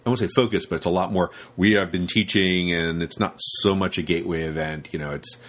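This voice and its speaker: A low-pitched, fast-talking man hosts a casual podcast and teaches rope. Rambling with frequent restarts and repeated words, he performs the voices of students he quotes.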